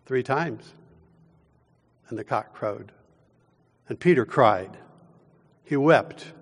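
A man preaching a sermon as pastor, with deliberate, emphatic delivery and dramatic pauses. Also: medium pitch, expressive, slightly rough, long reverb tail.

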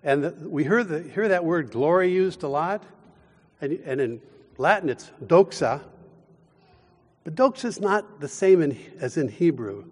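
A man delivering a sermon, his voice pitched a little above the usual for men. He preaches slowly and deliberately, leaning on emphasis and long dramatic pauses. His words ring out with a long reverb, as if recorded in a large hall. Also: expressive, a little mellow, slightly rough. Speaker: pastor.

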